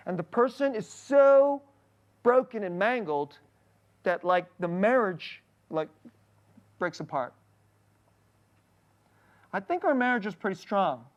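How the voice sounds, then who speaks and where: Candid pastor preaching, halting delivery. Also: male voice, high-pitched. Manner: candid and personal, often checks in with a quick "okay?"; halting, restarting phrases mid-thought. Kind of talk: conversational sermon.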